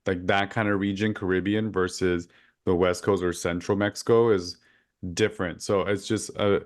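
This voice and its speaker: Man, podcast host, very low voice, effusive, casual chat. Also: steady tone, normal speed. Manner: effusive, chatty, full of fillers. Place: current home in Orlando.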